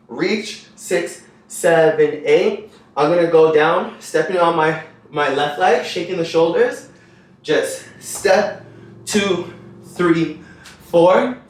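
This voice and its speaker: A young man leads a dance tutorial in a lively, upbeat way, counting beats and scatting rhythms as he moves. His voice sits a little high. It rings through a very echoey room, heard from some distance off the mic. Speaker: dance instructor.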